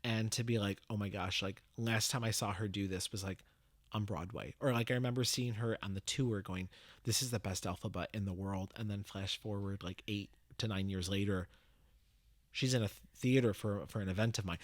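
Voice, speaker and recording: A man chatting as a guest, telling stories in a lively way with many fillers and restarts. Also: lowish voice, fairly quick, dry recording. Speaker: guest, medium and teacher. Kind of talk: casual storytelling chat.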